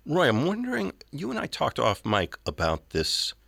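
A man's voice: a little high, wildly swooping pitch, normal speed, vocal fry, fairly bright tone. A man hosting a radio show, chatting casually with a guest in an easygoing way, with frequent fillers. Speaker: radio host. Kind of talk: casual on-air chat.

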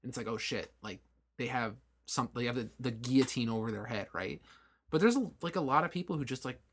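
A man's voice: mid-range voice, a little hiss or hum. A man in his late twenties co-hosting a podcast, talking casually and animatedly, with frequent swearing. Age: late 20s. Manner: animated, swearing, quick asides. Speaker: podcast co-host. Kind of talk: casual chat.

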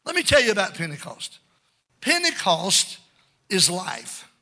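A man in his sixties preaching a fervent sermon, his voice pitched high and strikingly bright. He calls out amen between lines, sings some phrases and rises to shouts. He is heard in a church sanctuary. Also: wildly swooping pitch, unhurried. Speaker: pastor.

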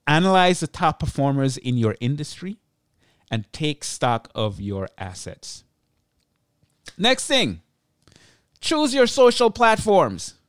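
A tired man hosting a solo podcast, teaching in an energetic, chatty way with self-deprecating asides. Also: a little high, takes it slowly, long pauses, smooth, no room sound, clean studio sound. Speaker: podcast host. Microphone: close podcast mic.

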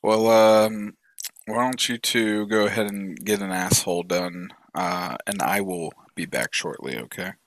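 A man's voice: low-pitched, measured pace, no echo. A man co-hosting a podcast, chatting casually with a dry, wry humor. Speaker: podcast co-host. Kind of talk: casual chat.

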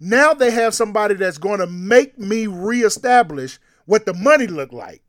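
A man co-hosting a sports radio show, talking in an animated, emphatic, slangy way. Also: high voice, moderate pace, no echo. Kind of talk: casual sports talk.

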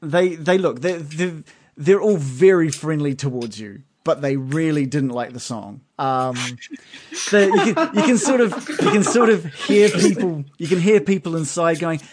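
A man's voice: on the high side, lively intonation, normal speed, a little mellow, a little hiss or hum. A man narrating a tabletop game as game master, loose and hesitant with many ums and restarts.

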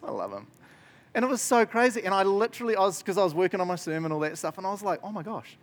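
A man giving a casual sermon as pastor, chatty and animated, with many fillers and frequent laughs. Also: medium pitch.

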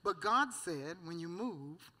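A woman's voice: lowish voice, animated, slow, bright, forceful tone. A woman giving a preached church testimony, fervent and storytelling, breaking in with amen and hallelujah and often laughing.

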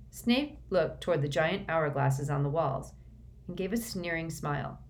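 Low-voiced woman reading a storybook. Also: animated, unhurried, darkish tone. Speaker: audiobook reader. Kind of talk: storybook narration.

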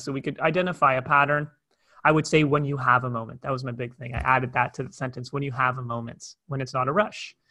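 A young adult man telling a personal story in a candid, conversational way. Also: on the high side. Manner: candid, conversational, animated retelling. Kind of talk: storytelling talk.

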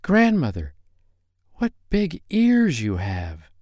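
A man voicing a young girl from a fairy tale in a high, sweet put-on voice. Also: wildly swooping pitch, takes it slowly, a little mellow, no room sound, clean studio sound, heavily acted.

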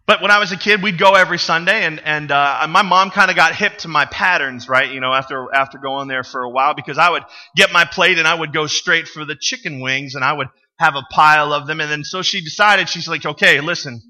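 Bright-voiced pastor preaching with humor. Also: male voice, a little high, brisk, few pauses. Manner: conversational storytelling with humor, asks the congregation questions. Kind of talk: sermon. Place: church sanctuary.

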